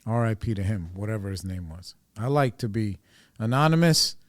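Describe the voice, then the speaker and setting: A man in his forties talks through a personal story for his podcast, rambling and swearing freely. His voice sits low, and the sound is close and dry with no room around it. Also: animated, moderate pace, dry recording. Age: 40s. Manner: rambling, profane, candid. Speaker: podcast host.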